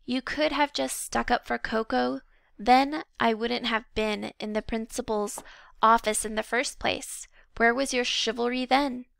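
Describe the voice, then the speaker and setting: A woman's voice: on the high side, fairly even intonation, creaky, a bit bright, clear, resonant tone, no room sound, studio quality, exaggerated voice. Stubborn indignant schoolgirl, read by a woman. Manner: indignant, quick retorts. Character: sharp-witted stubborn young girl.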